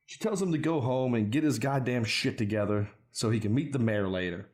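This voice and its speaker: A young podcast host with a mid-range, darkish voice casually recaps a bad movie, talking a little fast. His commentary is sarcastic and full of swearing.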